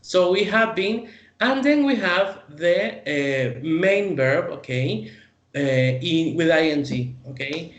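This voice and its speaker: Spanish-speaking guy teaching english grammar, slow and patient, echoey room. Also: on the high side, lively intonation, a bit bright. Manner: patient, explaining, frequent "okay?" checks. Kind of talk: online grammar lesson.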